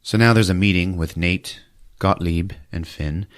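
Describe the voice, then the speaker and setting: A man with a very low voice hosts a comedy podcast, retelling a film's plot with loose, animated energy. He keeps breaking into squeaky put-on voices for the characters. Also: unhurried. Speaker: podcast host recapping a movie. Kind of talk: comic movie recap.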